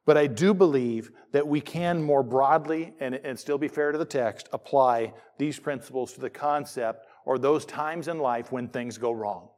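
A man's voice: mid-range voice, normal speed, few pauses. A middle-aged man preaching a sermon in church, mixing jokes with scripture readings. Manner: animated, jokey preacher who reads scripture aloud. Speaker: pastor.

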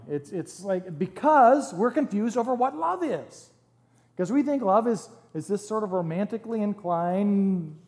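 A man's voice: sits high, a little mellow. A man preaching a sermon to his congregation in a conversational, humorous way, with jokes and asides. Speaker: pastor. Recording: long hall reverb.

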